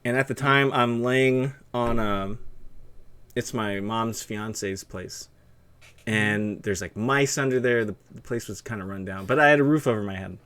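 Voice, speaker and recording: A man's voice: fairly low pitch, unhurried, a bit bright, clean tone. A young man with a lisp hosting a stream interview, talking in a loose, rambling way full of fillers. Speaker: stream host interviewing a guest. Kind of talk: casual chat.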